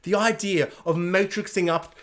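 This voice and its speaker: A man with a high-pitched voice rambles through an excited film review. He talks in rapid bursts and keeps slipping into goofy voices.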